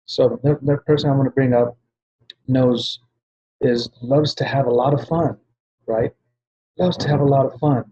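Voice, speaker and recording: A man's voice: mid-range voice, fairly even intonation, moderate pace, pauses often, mellow, muffled recording. A man giving a rambling training talk to sales agents, often restarting and checking in with "right?". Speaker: business trainer at a travel party.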